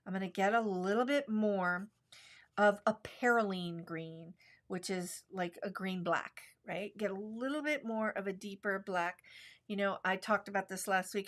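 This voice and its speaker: A woman's voice: medium pitch, fairly bright tone. Chatty middle-aged lady painting live, explains every step, mid voice. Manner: chatty, explains each step while working. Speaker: watercolor instructor.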